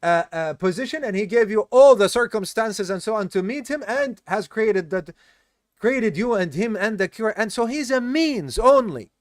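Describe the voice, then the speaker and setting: This is a classroom lesson from an Islamic study course, given live by a tired-sounding male teacher who builds his explanation step by step, tests his students, and uses Arabic terms. His high voice moves at a moderate pace with lively inflection, captured with studio quality and no echo.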